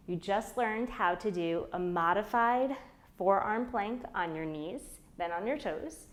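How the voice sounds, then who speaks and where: Slow-talking fitness instructor woman. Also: medium pitch, expressive. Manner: counts reps aloud while exercising, strained on hard holds. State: shaking from effort during holds. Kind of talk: guided workout instruction.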